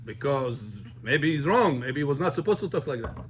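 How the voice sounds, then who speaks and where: A man, a rabbi telling a story to his class in an animated way, mixing in words. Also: a little high, brisk, slight background noise. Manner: animated, switches between English and Russian.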